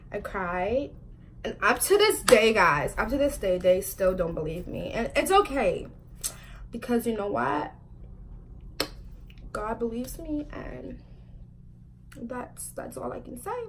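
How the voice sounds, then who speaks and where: A woman in her twenties telling a storytime vlog, talking quickly and chattily with lots of "like" fillers and frequent laughs. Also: mid-range voice, slight background noise. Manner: chatty and fast, full of "like" fillers, laughs often. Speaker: vlogger.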